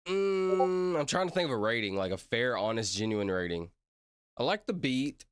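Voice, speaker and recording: A man's voice: medium pitch, sing-song, moderate pace, clean tone, no echo, clean studio sound. A man chatting casually on a livestream, rambling, laughing often and apologizing a lot to his chat. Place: at his computer streaming.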